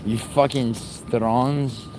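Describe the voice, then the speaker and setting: Out on a city street, a young man chats casually with viewers on his livestream, trading crude jokes and teasing. He speaks in a steady, mid-range voice and draws out his words, while traffic and street sounds hum faintly.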